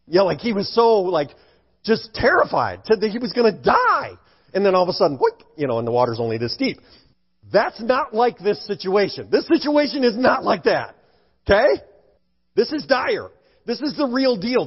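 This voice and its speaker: A male pastor preaching a sermon in an animated way, at times acting out frightened voices. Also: high voice, husky. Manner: animated, acts out scared voices for effect. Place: church sanctuary. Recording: dull sound with long hall reverb.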